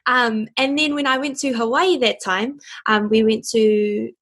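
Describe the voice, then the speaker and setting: A young woman from New Zealand talks through her story in a casual interview. Her voice sits a little high, and she is bubbly and chatty, with frequent laughs and fillers. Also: steady tone, unhurried, fairly bright tone. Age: young adult. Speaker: interview guest, voice actor and singer.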